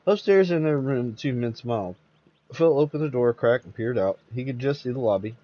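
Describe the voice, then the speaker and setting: A man hosting and reading a horror story aloud, steady with occasional slips and restarts. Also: medium pitch, fairly quick, dull audio. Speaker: host and storyteller.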